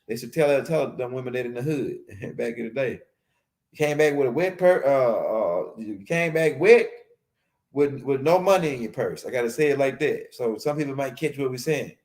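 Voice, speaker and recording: A man's voice: mid-range voice, moderate pace, darkish tone. Rambling man lecturing on a stream. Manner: rambling, repeats himself, street slang. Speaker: host of a spiritual teaching stream. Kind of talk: casual livestream lecture.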